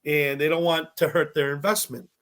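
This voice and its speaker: A young man, a podcast guest telling stories from a cooking show in a bubbly, animated way, acting out other people's lines and swearing freely. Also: on the high side, normal speed. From Massachusetts, US. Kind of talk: casual storytelling chat.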